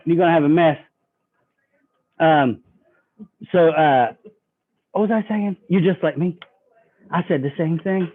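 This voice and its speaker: A man giving a sales training talk, folksy and acting out customer dialogue. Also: a little high. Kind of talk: sales training talk with role-played pitches. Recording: tinny phone-like audio.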